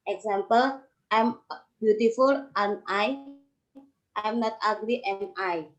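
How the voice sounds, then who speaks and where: A woman's voice: medium pitch, unhurried, highs cut off. A young woman with an Indonesian accent giving a class presentation, explaining each rule and then repeating it in Indonesian. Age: young adult. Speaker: student presenter.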